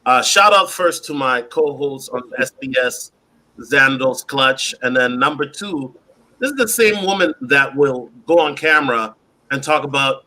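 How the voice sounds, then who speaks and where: A man speaking as a panelist on a livestream, animated and often addressing the host. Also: mid-range voice, measured pace.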